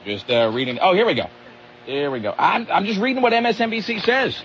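A man's voice: high-pitched, brisk, a bit bright. A man hosting a radio show, reading news stories aloud with sarcastic, mocking asides. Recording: muffled radio sound with faint noise.

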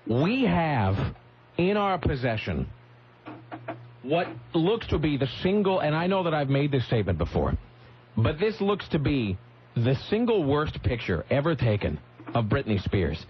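A man's voice: a little high, very animated, a little slow. A man hosting a radio show from the studio, telling stories in a rambling way that keeps interrupting and correcting itself. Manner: rambling, self-interrupting storyteller. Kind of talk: morning radio banter and storytelling. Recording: slightly muffled radio broadcast, faint noise.

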